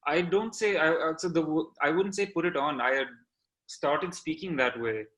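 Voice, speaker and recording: Man, young, from India, podcast guest, bright tone, reflective, measured, hesitant. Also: on the high side, low-quality recording. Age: young adult. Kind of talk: casual podcast chat.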